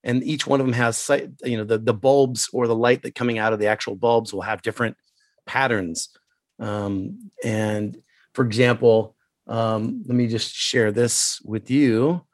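A man with a rough voice today, talking casually and haltingly about computer graphics lighting, with many pauses and fillers. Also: mid-range voice, steady tone, dry recording. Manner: halting, many ums, shares screen. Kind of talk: casual technical chat.

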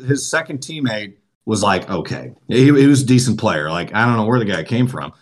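A man's voice: fairly low pitch, a little fast. A man co-hosting a podcast, telling a long story in casual chat and swearing often. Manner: profane, animated storyteller. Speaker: podcast co-host.

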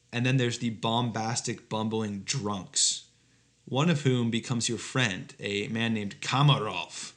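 A man's voice: fairly low pitch, fairly bright tone. A man co-hosting a comedy podcast, riffing sarcastically with mock outrage and swearing. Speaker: podcast co-host. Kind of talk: comedic casual chat.

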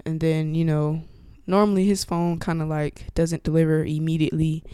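A woman hosting her own podcast from home, telling a story in a profane, blunt, animated way and acting out what other people said. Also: deep voice, moderate pace, clear, resonant tone, no room sound, studio quality. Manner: profane, blunt and animated, acts out quoted exchanges. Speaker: podcast host. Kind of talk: casual storytelling chat. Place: at home, with her dog nearby. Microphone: podcast mic, wearing headphones.

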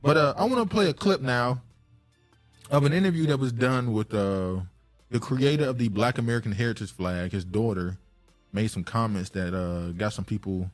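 A man hosting a casual podcast chat. He laughs often and his voice jumps up when he gets excited. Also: mid-range voice, normal speed, soft background music. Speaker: podcast host.

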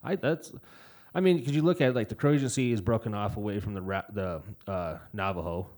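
Young guy with a low voice, swears a ton, rambles thru his stories. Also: brisk, darkish tone. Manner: profane, rambling storyteller. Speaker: podcast co-host. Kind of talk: casual chat.

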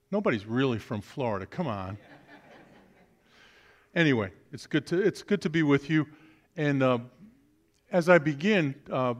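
A man from Brooklyn, preaching a sermon as a guest speaker. He is chatty and jokes with the congregation, talking to them directly. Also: medium pitch. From Brooklyn, New York. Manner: chatty, joking, addresses the audience directly.

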